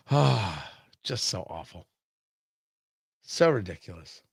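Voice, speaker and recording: A man's voice: low voice, gravelly, husky, no room sound, studio quality. A man hosting a political talk show, talking in a combative, emphatic way.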